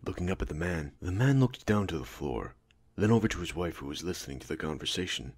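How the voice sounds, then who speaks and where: A man narrates a storybook audiobook in a low voice, with steady, even storytelling throughout. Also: quick pace, slightly rough.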